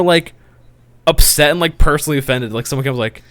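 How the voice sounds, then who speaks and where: A man's voice: fairly high pitch, lively intonation, a little fast. A young man on a casual podcast, telling a story, swearing and laughing as he gets worked up. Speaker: podcast co-host.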